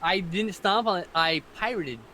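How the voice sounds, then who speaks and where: Joking male co-host with a higher voice. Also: normal speed, sharp tone, a little hiss or hum. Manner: joking, swears freely. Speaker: podcast co-host. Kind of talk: casual banter.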